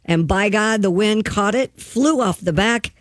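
A man's voice: sits high, a little slow, dry recording, studio quality. A man co-hosting a radio show, reading out a listener's story in an easygoing way. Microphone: studio microphone.

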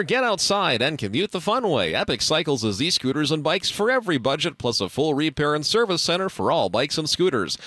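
A man giving a brisk, upbeat radio traffic report and reading an ad. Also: mid-range voice, fairly bright tone, dry recording. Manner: brisk, upbeat announcer delivery.

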